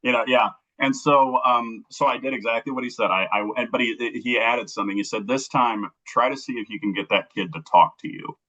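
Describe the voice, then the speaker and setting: A man from Kansas City telling an emotional personal story as a guest, earnest and halting, acting out the dialogue he quotes. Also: mid-range voice, pushed and bright. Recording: dull lo-fi recording.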